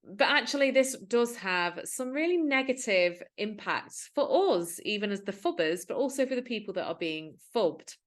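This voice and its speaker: A woman gives a friendly explainer to camera as a digital wellbeing coach. She talks in an earnest, conversational way and slips into quoted dialogue to make her points. Her voice sits at a middle pitch for a woman. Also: animated, moderate pace.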